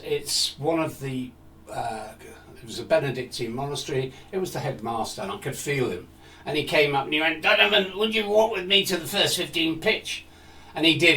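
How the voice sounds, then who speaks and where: A man in his seventies telling a personal story in a talk, reflective and asking rhetorical questions. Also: on the high side. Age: 70s. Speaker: speaker. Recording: roomy echo, distant mic.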